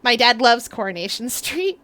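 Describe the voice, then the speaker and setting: A woman's voice: fairly high pitch, big pitch swings, moderate pace, fairly bright tone. A young woman from the Maritimes, chatting casually on a live stream, giggling often and rambling through asides. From Canadian Maritimes. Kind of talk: casual live-stream chat while gaming.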